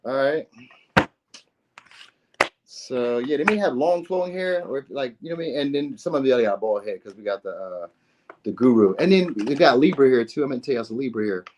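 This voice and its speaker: A man rattling off a tarot reading at a quick clip, loose and chatty. His pitch sits in the middle of the range. He talks in slang, swears casually and keeps checking in with the viewer. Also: animated, darkish tone, a little hiss or hum. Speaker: tarot reader.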